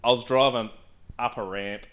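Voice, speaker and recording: A man's voice: mid-range voice, steady tone, moderate pace, a bit bright. A man, a podcast guest telling stories in casual chat and laughing often. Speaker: podcast guest, former mine truck driver.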